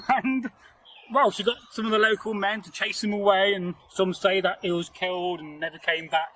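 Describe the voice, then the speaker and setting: A man's voice: sits high, fairly even intonation, moderate pace, sharp tone, slight background noise, rough recording. A man casually telling a folktale outdoors, rambling and jokey with many "you know" asides. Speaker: storyteller host. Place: outdoors in nature.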